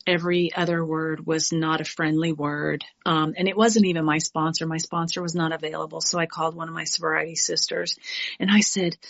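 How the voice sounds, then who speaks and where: A middle-aged woman from New York giving a candid, animated personal share at a recovery meeting, with frank asides. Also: low-pitched, fairly quick, vocal fry, highs cut off.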